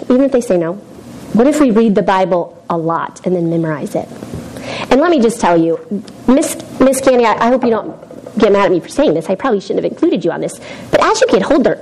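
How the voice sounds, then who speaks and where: Woman, youth group talk, high voice, faint background hum, casual and self-deprecating. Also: a little mellow, rough recording. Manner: chatty, self-deprecating, laughs often. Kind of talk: informal youth devotional talk.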